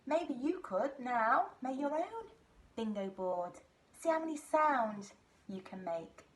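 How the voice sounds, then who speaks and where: A woman leading a nursery phonics lesson, her voice set fairly high and swooping widely up and down. She speaks slowly and gives each phrase an exaggerated sing-song lilt, the way one talks to very young children. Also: animated. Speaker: nursery teacher.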